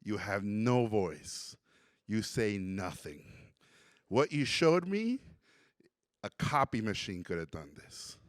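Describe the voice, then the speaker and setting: A man voicing a gruff, blunt older male art teacher with a Hungarian accent, speaking slowly and emphatically. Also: on the low side, very animated, no room sound, studio quality, voice pushed down. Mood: scornful. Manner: slow, stern, emphatic pronouncements.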